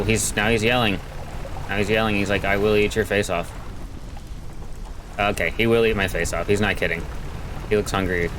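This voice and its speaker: A man's voice: lowish voice, noisy background. A man casually commenting on a game he's playing, slangy and joking. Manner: slangy, laid-back, joking. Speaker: gaming channel host. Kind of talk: casual let's play commentary.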